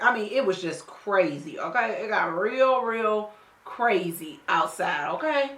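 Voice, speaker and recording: A woman in her thirties, with a slightly low voice and a roomy echo around her, tells a story as she does her makeup. Her delivery is emphatic and slangy, and she keeps punching lines with "okay?". The recording sounds like a room at home. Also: a bit bright. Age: 30s. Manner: blunt, salty slang and swearing. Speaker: beauty vlogger. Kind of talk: storytime chat while doing makeup.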